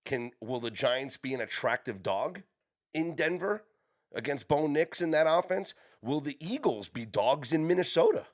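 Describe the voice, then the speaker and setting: A man's voice: on the high side, animated, moderate pace. A man hosting a sports betting podcast, leading the rundown in a casual chat and often stumbling over repeated words.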